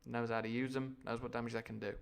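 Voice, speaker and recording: A man's voice: medium pitch, level tone, fast talker, vocal fry, clear, resonant tone. Playful man reading aloud with chatty asides. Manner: playful, irreverent, breaks off to explain. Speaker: storyteller on a live stream.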